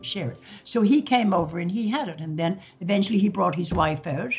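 An older Irish woman with a lowish, slightly rough voice speaks a little fast over faint background music. She's being interviewed and recounts her memories as a lively storyteller, acting out old conversations and laughing now and then.

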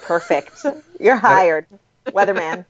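A woman's voice: on the low side, slow pace, dull audio. A woman chatting as a podcast guest, playful and teasing. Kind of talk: casual chat.

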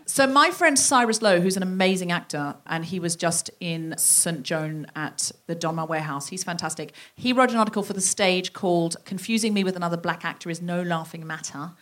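A woman hosting a live podcast on stage, emphatic and quick to exclaim as she talks. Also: on the low side, fairly bright tone. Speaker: podcast host. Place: theatre stage before an audience.

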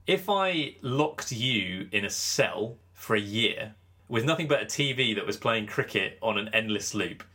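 On his cricket podcast, a man chats casually, ribbing his co-host, cracking jokes, and doing commentator impressions. His lowish voice is animated and sharp, delivered at a measured pace.

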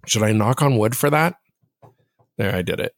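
A man hosting a casual solo podcast, speaking directly to his listeners in a reflective, self-deprecating way, with a fairly monotone voice. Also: fairly low pitch, moderate pace, dry recording, clean studio sound. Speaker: podcast host.

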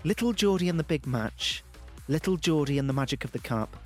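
A man's voice: on the high side, animated, fairly quick, faint music behind. A man co-hosting a comedic radio breakfast show with a theatrical presenter delivery.

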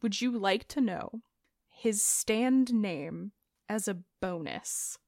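A woman co-hosting a podcast in casual chat. She builds her stories slowly and deliberately and keeps breaking into laughter. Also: medium pitch, vocal fry, darkish tone, no room sound, studio quality. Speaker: podcast co-host.

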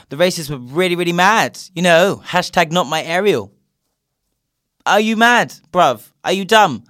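A man's voice: a little high, no echo, clean studio sound. Sarcastic young man ranting. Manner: animated, sarcastic, swears freely. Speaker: podcast host. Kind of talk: casual ranting chat.

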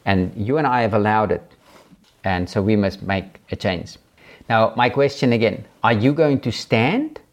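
Male host, low voice, preaching style, presses the listener with repeated rhetorical questions. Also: a little mellow. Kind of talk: preaching to a viewing audience.

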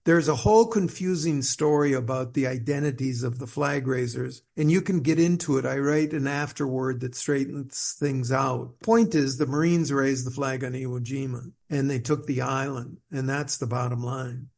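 A middle-aged man, an author, telling stories in a rambling conversational way, restarting and repeating words, animated when he quotes others. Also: medium pitch, normal speed, gravelly, few pauses. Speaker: author interviewed as guest. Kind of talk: conversational storytelling interview.

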